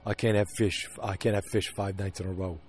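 A man putting on the voice of a weary, deflated middle-aged husband, speaking low and haltingly, recorded on a handheld recorder outdoors beside woods. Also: steady tone, a little mellow, breathy edge. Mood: glum.

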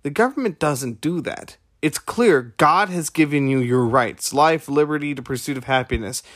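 A man's voice: fairly high pitch, moderate pace, fairly bright tone, no room sound, studio quality. A man hosting a podcast, retelling a conversation and making his point in an emphatic, preachy way with repeated rhetorical questions. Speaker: podcast host.

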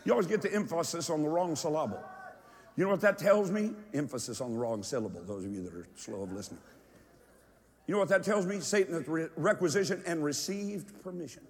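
A man's voice: on the high side, sing-song. Dramatic man preaching in an echoing hall. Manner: dramatic, swings from hushed to shouting, drawn-out emphasis. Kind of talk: sermon. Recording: long echo from a large hall.

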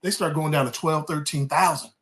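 A man from California, a former college quarterback, talking sports as a guest in a casual chat, lively and quick to repeat himself when starting a thought. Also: a little high.

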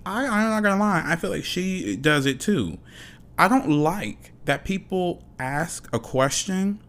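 A man hosting a solo podcast, ranting frankly and passionately, swearing often and repeating himself. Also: fairly high pitch. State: dry mouth. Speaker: podcast host.

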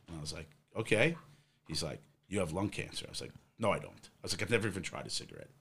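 A man's voice: deep voice, big pitch swings, quick pace, creaky, a bit bright, a little hiss or hum. A middle-aged man, a former police officer, telling a long personal story in casual conversation, with many fillers and quoted exchanges. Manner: rambling, acts out others' quotes, many fillers.

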